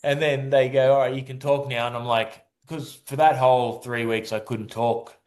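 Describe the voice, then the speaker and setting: A man's voice: mid-range voice, fairly even intonation, moderate pace, darkish tone. A man telling a personal story in a casual interview, rambling with many restarts and acting out what people said. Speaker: guest, adaptive surfer.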